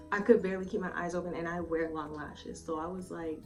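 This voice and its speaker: A woman's voice: on the low side, flat delivery, brisk. A woman giving a casual, rambling review at home, swearing freely and filling her speech with "like" and "um". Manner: chatty, swears freely, lots of "like" and "um". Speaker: beauty vlogger. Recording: slightly distant mic with faint music.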